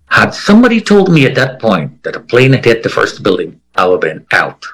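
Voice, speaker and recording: A man's voice: mid-range voice, wildly swooping pitch, fairly quick, hardly any pauses, fairly bright tone, husky, low-quality recording. A man giving a first-person account in an interview, vividly acting out the voices of the people he quotes. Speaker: interviewee telling a personal story.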